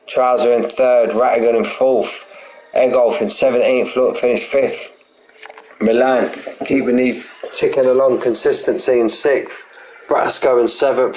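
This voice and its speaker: A man's voice: medium pitch, a little mellow, poor audio. A man commentating a sim racing league, casual and chatty, calling drivers "mate" and saying he's buzzing for them. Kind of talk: live race commentary and chat.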